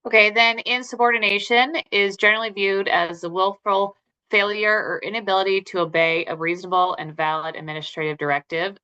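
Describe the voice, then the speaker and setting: A woman's voice: mid-range voice, steady tone, a little fast, pushed and bright, smooth, highs cut off. A woman student reading a class presentation and then explaining each point in plain terms.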